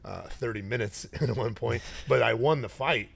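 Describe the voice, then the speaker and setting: A man's voice: medium pitch, normal speed, gravelly, slight background noise. A middle-aged man, a retired fighter hosting a casual interview, telling stories with animation and acting out what people said. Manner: animated storyteller, acts out quoted voices.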